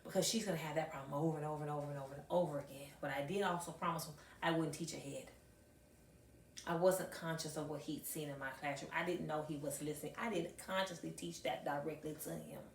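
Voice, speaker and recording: A middle-aged woman, a high school math teacher, telling stories to an audience with emphatic repetition and acted-out dialogue. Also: steady tone, quick pace, a little hiss or hum. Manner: emphatic, acts out dialogue, repeats phrases for effect. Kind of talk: storytelling talk to an audience. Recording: echoey room, mic at a distance.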